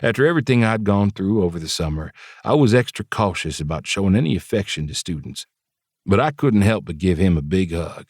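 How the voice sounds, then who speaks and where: A male audiobook narrator reading a novel in the first person, voicing the dialogue with feeling. His voice is low, and the recording is close and dry with no room sound. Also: animated, a little fast, a little mellow, dry recording.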